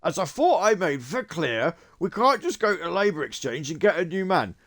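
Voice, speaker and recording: A man voicing a stern male gang leader who lectures his crew in a gruff, exasperated way. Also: high voice, sing-song, normal speed, fairly bright tone, pitched above the performer's own voice, heavily acted. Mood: scolding.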